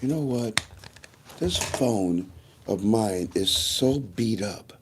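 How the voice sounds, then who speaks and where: A man's voice: lowish voice, expressive, slow, background noise. A man vlogging to his viewers in a casual, rambling monologue, repeating himself often and making chatty asides. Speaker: YouTube vlogger.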